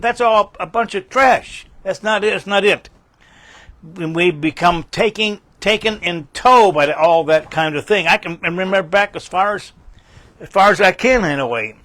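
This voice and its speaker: A man's voice: a little high, a bit bright, dry recording. An older man teaching a Bible passage verse by verse, folksy and emphatic, repeating key phrases.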